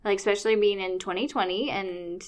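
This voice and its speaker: A woman in her thirties co-hosting a casual podcast chat. She rambles along enthusiastically, her voice sitting at an ordinary middle pitch. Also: fairly even intonation, fairly quick, a little mellow. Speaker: podcast co-host.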